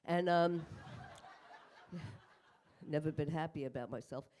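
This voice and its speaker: A woman's voice: low-pitched, takes it slowly, darkish tone, a little hiss or hum. Older woman stand-up, brash and foul-mouthed, self-deprecating jokes, live club set. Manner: brash, profane, self-mocking punchlines. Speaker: stand-up comedian. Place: comedy club stage in front of a live audience.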